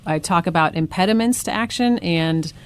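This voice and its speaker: An American woman who works as an educator, explaining things calmly in a casual discussion. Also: lowish voice, moderate pace, slight background noise. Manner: calm and explanatory. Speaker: guest educator.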